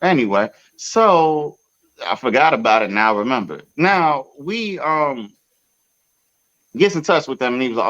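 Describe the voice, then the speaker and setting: A man hosting a podcast, telling a long story in a casual, profane way with sudden loud outbursts. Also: mid-range voice, lively intonation, unhurried, lo-fi sound. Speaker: podcast host.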